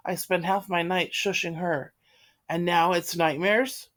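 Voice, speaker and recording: A woman reading the part of an irritable, fussy middle-aged man in a play read aloud, in a sharp, scolding voice. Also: on the low side, steady tone, unhurried, lightly acted. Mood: complaining. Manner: sharp, scolding, loud complaints.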